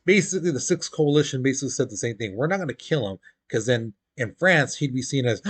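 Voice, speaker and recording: A man's voice: mid-range voice, lively intonation, fast talker, hardly any pauses, breathy edge. A man teaching a history lesson in a casual, chatty way, full of "you know" and "basically", acting out quotes in playful voices.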